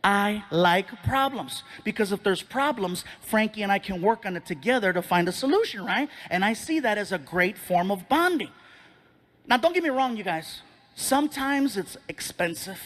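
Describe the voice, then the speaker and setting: Animated stand-up dad on stage. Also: male voice, high-pitched, normal speed. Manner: animated storytelling, exasperated dad. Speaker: stand-up comedian. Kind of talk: stand-up set. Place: live stage before an audience.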